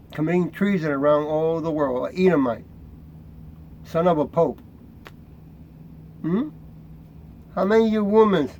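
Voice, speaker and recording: A middle-aged man preaching and reading scripture, fiery and confrontational, reading verses slowly and deliberately, often tagging his points with "right?". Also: on the high side, darkish tone, highs cut off, slight background noise.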